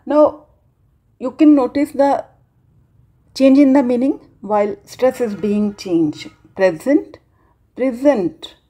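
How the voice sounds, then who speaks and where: A woman from India with an Indian English accent, lecturing students slowly and deliberately on literary terms. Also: high-pitched, expressive, dark tone. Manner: slow, deliberate explanation with emphasized words.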